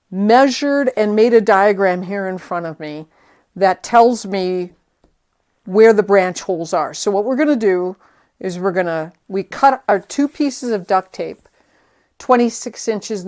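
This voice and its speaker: Woman, chatty DIY vlogger, talks to herself while working, mid-pitch. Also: unhurried, a little mellow. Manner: chatty, self-talking while working, nervous. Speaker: vlogger restoring a vintage tree. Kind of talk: casual hands-on how-to narration.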